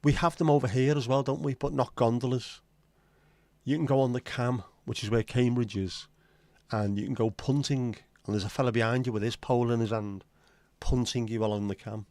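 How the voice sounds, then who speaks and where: A man's voice: medium pitch, fairly even intonation, a little fast, a little mellow, no echo. A man with a Scouse accent, hosting a livestream in casual, blunt, sweary banter with his viewers. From Liverpool, England. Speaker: livestream host.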